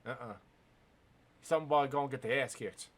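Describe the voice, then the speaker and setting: A man hosting a stream and commenting on wrestling matches in a casual play-by-play style. He is excitable, swears freely and speaks straight to chat and the viewers. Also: medium pitch, brisk, slightly rough.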